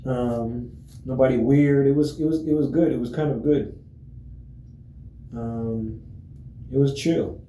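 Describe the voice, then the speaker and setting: A man talking casually to his viewers in a relaxed, rambling way, full of fillers and restarts. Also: mid-range voice, slow, pauses often, echoey room, slight background noise, poor audio. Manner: relaxed, friendly greetings. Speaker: vlogger. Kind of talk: casual chat to camera.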